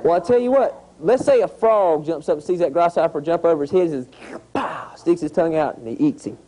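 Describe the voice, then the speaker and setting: A man, teaching a group of children outdoors, telling a lively story with sound effects. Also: a little high, fast, poor audio. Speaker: environmental educator. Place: outdoors at a nature center.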